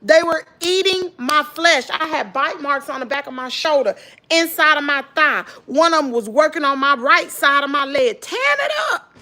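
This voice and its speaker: A woman's voice: sits high, moderate pace. A middle-aged woman with a Mississippi Southern accent tells her viewers an emotional personal story, emphatic and direct. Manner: animated, emphatic, addresses listeners as girl and y'all. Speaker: vlogger.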